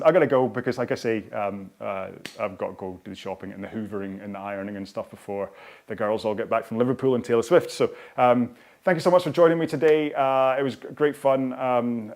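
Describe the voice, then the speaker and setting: A man's voice: mid-range voice, a little mellow. A middle-aged man hosting a live rowing workout stream, chatting casually and rambling with lots of self-deprecating asides and laughs. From United Kingdom. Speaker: rowing coach and host.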